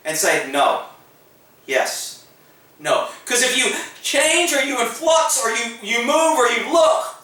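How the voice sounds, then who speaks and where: A man's voice: very high-pitched, sharp tone, very echoey, far from the mic, poor audio. A man, a former police officer, telling stories in a blunt, joking casual monologue and acting out the exchanges he quotes.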